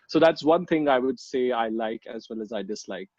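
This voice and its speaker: A man's voice: mid-range voice, animated, normal speed, a little mellow, dry recording. A young man from India answers questions in a casual interview, his talk full of ums and restarts. The sound is dull and lo-fi, dry with no room around it. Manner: hesitant, many ums and restarts. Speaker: podcast guest.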